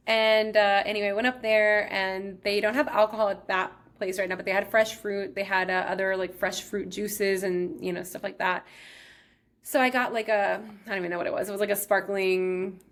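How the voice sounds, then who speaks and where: A woman's voice: medium pitch, steady tone, moderate pace. Chatty woman from Texas telling a story. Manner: chatty, heavy use of "like". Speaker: podcast host. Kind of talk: casual storytelling.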